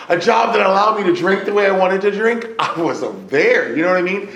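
Animated American man sharing a recovery story. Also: sits high, a little fast, few pauses. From United States. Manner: animated, swings from hushed to loud shouting; conversational, many fillers and "right?". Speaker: AA speaker sharing his story. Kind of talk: recovery share to a live meeting. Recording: roomy echo, faint room noise.

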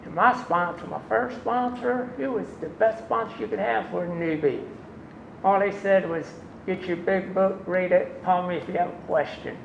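Guy w a gravelly voice, slow storytelling, roomy muffled meeting hall recording. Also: high voice, a little hiss or hum. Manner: slow, plain-spoken storytelling with quoted dialogue. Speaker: recovering alcoholic sharing his story. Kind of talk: personal testimony at a recovery meeting.

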